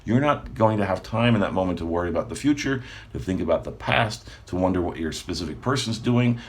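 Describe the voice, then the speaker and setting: Low-voiced guy doing a chill coaching vlog, keeps going "right?", laughs a bit. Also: slight background noise. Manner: relaxed, conversational, frequent "right?" check-ins, laughs often. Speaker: manifestation coach. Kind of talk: casual talk to camera.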